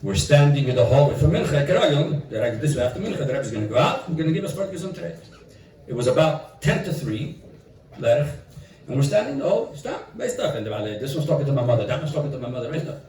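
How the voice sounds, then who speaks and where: A middle-aged man from Italy, a rabbi, telling an animated story at a gathering and dropping in Yiddish and Italian phrases. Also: medium pitch, fast, a little hiss or hum. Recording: roomy echo from far off.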